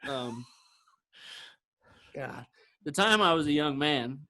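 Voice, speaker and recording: His voice sits a little high and he takes his time. He's a podcast co-host recounting a personal anecdote casually, bringing it to life by voicing the dialogue of everyone involved.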